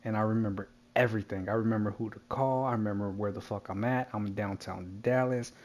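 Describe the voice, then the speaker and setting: A man telling a wild story in casual chat while gaming, animated and profane, laughing often. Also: on the low side, fast.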